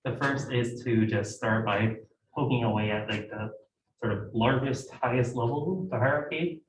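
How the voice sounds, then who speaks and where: A man's voice: mid-range voice, normal speed, a little hiss or hum. A young man giving an informal talk to a student club, conversational and full of fillers. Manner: conversational, filler-heavy, self-interrupting. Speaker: guest speaker at student club meeting. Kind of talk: informal presentation. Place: lecture room. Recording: echoey room heard from a distance.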